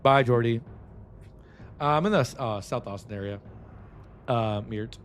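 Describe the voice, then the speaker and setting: A streamer from San Antonio talks in a loose, rambling way, jumping between thoughts and cursing freely. His voice sits at an ordinary middle pitch for a man. A faint hum of room ambience runs underneath. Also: unhurried. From San Antonio, Texas. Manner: rambling, restless, swears freely. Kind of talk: casual stream chat.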